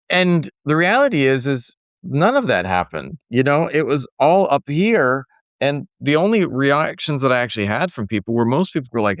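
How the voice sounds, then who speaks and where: Lively male podcast host. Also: mid-range voice, moderate pace, dry recording, clean studio sound. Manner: laid-back, laughs often, animated retelling. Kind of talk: conversational interview.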